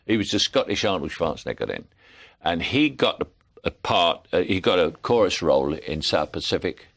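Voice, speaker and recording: A man's voice: sits low, sing-song, normal speed, a bit bright. A man in his seventies with a Cockney accent, a guest chatting and telling anecdotes with frequent chuckles. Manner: chuckling storyteller, plays voices in anecdotes. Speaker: actor, guest. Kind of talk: anecdotal chat.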